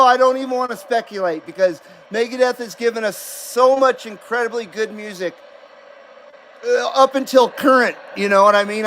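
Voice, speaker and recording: On a poorly recorded stream with slight background noise, a CB radio livestream host chats in a loose, casual way. His voice sits high with a fairly bright tone, and he laughs a lot while reading out comments from viewers.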